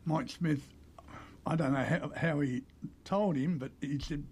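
An older Australian man telling animated stories as an interview guest, acting out the voices of the people he quotes. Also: a little high, unhurried, slightly rough. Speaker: interview guest, former player agent. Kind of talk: conversational storytelling.

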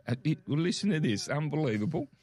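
A man with an Australian accent, co-hosting a casual show and telling a lively shopping story, acting out the voices in his quotes. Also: on the high side, fast talker. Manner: animated, acts out quoted voices. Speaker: podcast co-host.

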